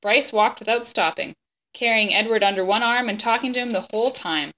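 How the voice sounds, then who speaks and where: Reading from a children's chapter book, a woman with a somewhat high voice moves along a little quickly, keeping her delivery gentle and expressive. She breaks off from time to time to talk through the illustrations and the plot.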